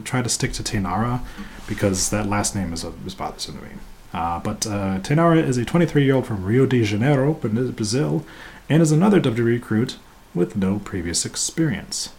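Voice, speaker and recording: A man's voice: fairly low pitch, a little mellow. A man hosting a podcast, reading a scripted wrestling review with sarcastic, mocking asides and crude jokes.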